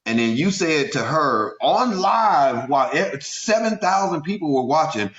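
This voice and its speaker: A male interview host asks pointed questions slowly and haltingly, padding them with many fillers. His voice is slightly high for a man. It reaches us through echoey, dull lo-fi audio. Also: very animated, a bit bright.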